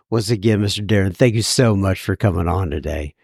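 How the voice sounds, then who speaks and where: A man's voice: sits low, fairly quick, vocal fry, darkish tone, breathy edge, dry recording, studio quality. A man hosting a recovery podcast, enthusiastic and easygoing, wrapping up an episode. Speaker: podcast host. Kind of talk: casual podcast chat.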